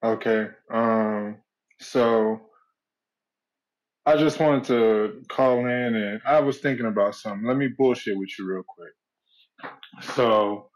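A man calling in to a show, talking in a flat, rambling, laid-back way and swearing freely. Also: medium pitch. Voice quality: monotone. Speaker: caller. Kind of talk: casual call-in chat. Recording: dull lo-fi phone call.

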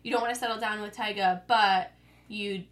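A woman's voice: mid-range voice, fairly even intonation, a little fast, a bit bright. A woman co-hosting a casual studio chat, giggly and rambling. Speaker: co-host.

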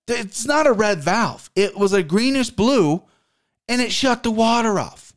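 Podcast host, man, slightly high voice, swears freely, exasperated storyteller. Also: expressive, unhurried. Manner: profane, exasperated rant. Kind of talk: casual storytelling.

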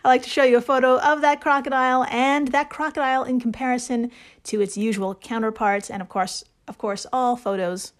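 Podcast lady telling a story, kinda high voice, laughs a lot, swears casually. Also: steady tone, a little fast. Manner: giggly, swears freely. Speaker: podcast co-host.

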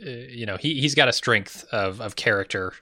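A man's voice: mid-range voice, moderate pace, sharp tone, no echo. A man co-hosting a casual film discussion, laid-back and amused. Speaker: podcast co-host.

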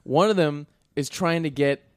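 A man's voice: on the high side, moderate pace, no echo, clean studio sound. A man telling a rambling story in casual chat, full of "like" and swearing.

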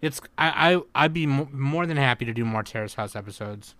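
A man's voice: medium pitch, animated, a little fast, a bit bright, no room sound. A young man hosting a podcast, telling stories in casual chat, swearing and laughing often. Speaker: podcast host.

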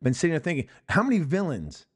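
A man hosting a podcast, talking bluntly and swearing casually in a relaxed film discussion. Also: a little high, fast talker, slightly rough.

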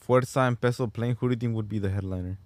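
A man in a casual group chat about music, cutting in with quick jokes. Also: medium pitch, steady tone, no echo. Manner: quick joking interjections.

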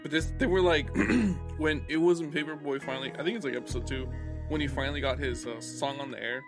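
A man's voice: on the high side, brisk, over music. A young man co-hosting a podcast, chatting casually in laid-back slang. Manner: laid-back slang, says bro often. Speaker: podcast co-host. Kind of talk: casual chat.

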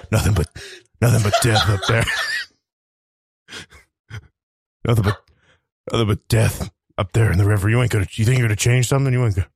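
A man doing a gruff, mumbling impression of a battle-weary male soldier. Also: fairly low pitch, a little hiss or hum.

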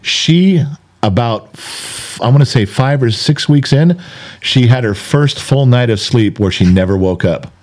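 A man's voice: mid-range voice, lively intonation, measured pace, a little mellow. A man hosting a candid conversational interview, talking earnestly and emphatically, often repeating himself for weight. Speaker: podcast host.

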